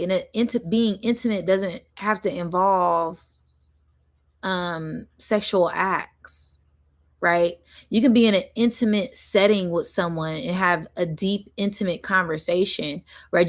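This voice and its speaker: A woman giving an intuitive spiritual reading to her viewers, chatty and giggly, drawing out words slowly as she channels. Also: fairly low pitch. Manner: chatty, giggly, talks straight to her audience. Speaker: spiritual energy reader.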